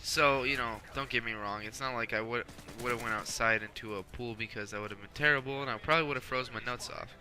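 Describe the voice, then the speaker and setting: A man's voice: medium pitch, brisk, few pauses, sharp tone, rough recording. A man hosting a gaming channel, chatting casually over gameplay in a rambling way with many self-corrections.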